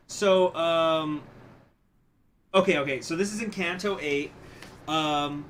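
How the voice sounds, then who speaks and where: A man's voice: a little high, takes it slowly, long pauses, fairly bright tone, faint music behind. A man chatting casually on a game stream, rambling, swearing, and animatedly retelling what he has been reading. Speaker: gaming streamer. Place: home room.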